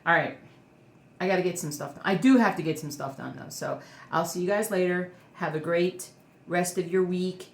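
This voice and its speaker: Casual home vlogger, woman, low voice, rambly with fillers, coos at her dog, roomy echo. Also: a little fast, darkish tone. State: emotional, near tears. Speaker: cross stitch vlogger. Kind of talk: casual chat to camera. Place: indoors at home.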